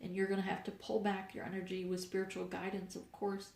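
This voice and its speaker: A woman with a middle-pitched voice reads tarot in a loose, wandering way, stopping for fillers and small laughs. She sounds a little stuffed up. The room around her echoes. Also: completely flat delivery, fairly quick, creaky. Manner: meandering, with fillers and soft laughs. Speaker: spiritual reader. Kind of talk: casual tarot reading monologue.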